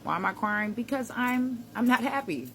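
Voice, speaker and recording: A woman's voice: fairly high pitch, lively intonation, moderate pace, a little hiss or hum. A woman giving a casual motivational talk to camera, conversational and reflective, with slang and frequent laughs. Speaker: self-help vlogger.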